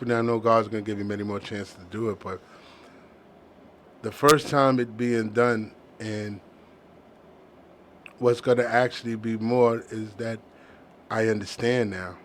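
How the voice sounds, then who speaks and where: A man's voice: fairly low pitch, slight background noise. A middle-aged man hosting a heartfelt casual conversation, earnest and sentimental, often restarting his sentences.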